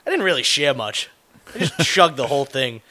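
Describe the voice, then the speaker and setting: A man's voice: mid-range voice, sing-song, brisk, bright, forceful tone. A man telling a rambling, profane, self-mocking story in casual chat, laughing as he goes.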